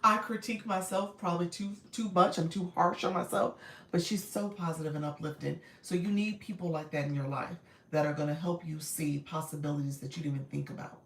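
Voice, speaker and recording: A woman with a raspy, gravelly voice that sits somewhat low, and it sounds a little strained today. She chats casually and warmly with viewers on a live stream, full of encouragement. The sound is roomy and echoey. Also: steady tone, fairly quick. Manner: warm, encouraging, greets viewers often. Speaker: live-stream host and coach. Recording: echoey room.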